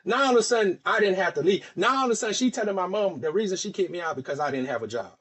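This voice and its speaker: A Florida podcast host tells a heated personal story in casual talk, his high, slightly rough, a bit bright voice racing along with lively intonation and few pauses. He curses freely and acts out what the other people said.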